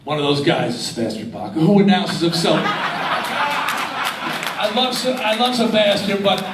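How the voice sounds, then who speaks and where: A man in his sixties telling stories on stage as a guest, animated and swearing freely, laughing as he talks. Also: high voice, unhurried, a loud crowd. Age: 60s. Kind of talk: profane live storytelling. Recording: echoey, distant live-room sound with faint noise.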